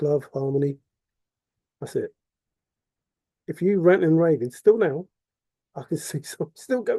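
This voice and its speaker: Insistent man, dark dry voice. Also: a little high, slightly rough, no room sound. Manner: repetitive, insistent, rhetorical questions. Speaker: vlogger. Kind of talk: impassioned monologue to camera.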